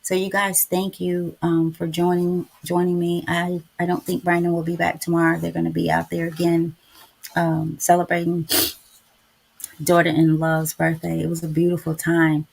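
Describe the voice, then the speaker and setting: Middle-aged woman, gravelly voice, husky, chatty devotional host. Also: fairly low pitch, completely flat delivery, moderate pace, a little mellow. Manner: chatty, preachy, keeps addressing listeners as y'all. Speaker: podcast host. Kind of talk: casual devotional live-stream chat.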